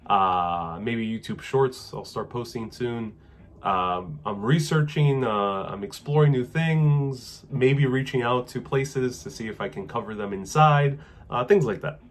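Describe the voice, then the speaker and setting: A man's voice: mid-range voice, unhurried. Guy chatting on a live stream, answering viewer questions, loose and rambly with lots of ums, clip-on mic. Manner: relaxed, rambling, many fillers, reads viewer comments aloud. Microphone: wireless clip-on mic.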